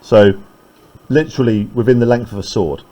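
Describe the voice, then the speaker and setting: A man's voice: medium pitch, normal speed, mellow, low-quality recording. A male teacher lecturing a class in a classroom, explaining step by step and often asking "right?" to check that students follow.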